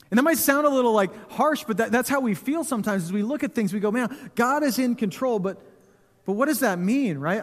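A man in his thirties preaching a sermon in a church, telling stories in a relaxed, conversational way with touches of humor. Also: sits high. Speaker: pastor. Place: church sanctuary. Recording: long hall reverb.

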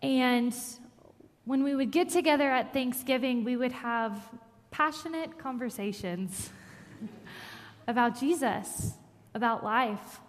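In a church sanctuary with long hall reverb, a woman preaches a sermon in a high voice at a slow pace. Her earnest personal story builds up to an emphatic reading of scripture.

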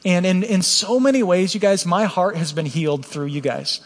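A man's voice: high voice, normal speed, long reverb tail. A man preaching a candid, earnest personal testimony, often restarting his sentences. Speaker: pastor.

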